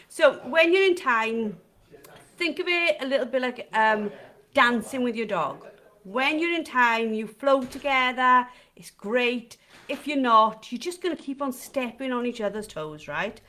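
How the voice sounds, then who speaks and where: A woman's voice: fairly high pitch, a bit bright. A middle-aged woman, hosting a casual live stream about dog training and chatting with viewers. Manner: chatty, addresses viewers in comments, frequent "right?".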